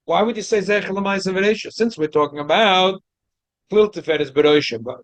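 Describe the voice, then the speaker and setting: Guy leading a torah class, higherish voice, lots of uh and restarts, dry close sound. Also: normal speed, no room sound. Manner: explains with many repeated ums and restarts, mixes Hebrew and Yiddish terms. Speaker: rabbi teaching a study group.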